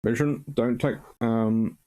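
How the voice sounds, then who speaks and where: A man's voice: medium pitch, fairly even intonation, slow pace, dark tone. A man hosting a live stream, reading out viewer comments and answering them in a casual, rambling way with frequent ums and uhs. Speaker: host answering viewer questions.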